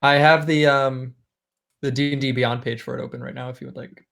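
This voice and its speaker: Male player, new york accent, gravelly fry, laid-back, casual game chat. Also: medium pitch, level tone, a little fast, a bit bright, faint music behind.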